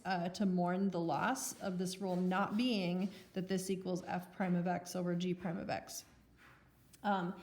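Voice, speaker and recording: A woman's voice: mid-range voice, darkish tone. Playful woman math teacher, echoey room. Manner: chatty, playful, self-mocking. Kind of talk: recorded lecture. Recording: roomy echo.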